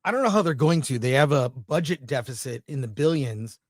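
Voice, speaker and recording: A man's voice: medium pitch, animated, brisk, no echo, clean studio sound. A man co-hosting a podcast, speaking in an emphatic, opinionated way. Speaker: podcast co-host. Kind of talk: casual chat.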